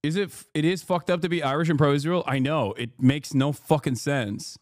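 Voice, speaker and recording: A man's voice: a little high, dry recording, studio quality. A man streaming and reacting to clips in casual, profane, sarcastic commentary. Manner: profane, sarcastic, quick asides.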